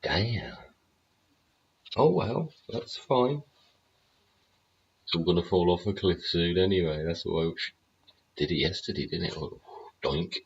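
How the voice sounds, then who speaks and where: A man's voice: low-pitched, moderate pace, slightly rough. A man hosting a show, ranting bluntly and sarcastically with heavy swearing. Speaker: show host. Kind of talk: ranting livestream commentary. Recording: dull lo-fi audio.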